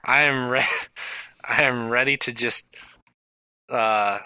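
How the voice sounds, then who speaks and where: Bright-voiced, self-mocking man on a podcast. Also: medium pitch, steady tone, takes it slowly, smooth, no echo. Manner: self-mocking, dry joking. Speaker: guest co-host. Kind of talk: casual podcast chat.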